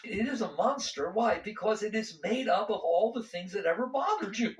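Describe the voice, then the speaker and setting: An older man giving a spiritual talk to an audience in a folksy, animated way, often laughing and asking questions. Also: high voice, fairly quick, gravelly, hardly any pauses. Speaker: spiritual teacher. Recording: roomy and distant mic.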